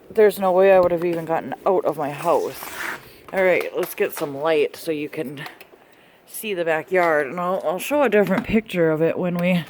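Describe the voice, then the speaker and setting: A woman's voice: fairly low pitch, darkish tone. Woman, home video diary, phone mic, outdoors in snow, out of breath, chatty, faint background noise. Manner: chatty, laughs often, talks to pets. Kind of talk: casual handheld narration. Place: outdoors in a snowstorm at night, then in a garage. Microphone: phone held in hand.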